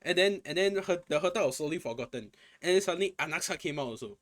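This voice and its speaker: A young man with a slightly high-pitched voice rants through a casual gaming commentary. He sounds exasperated and swears freely, tripping over himself as he repeats and restarts phrases. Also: expressive, fast, fairly bright tone. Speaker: gaming content creator.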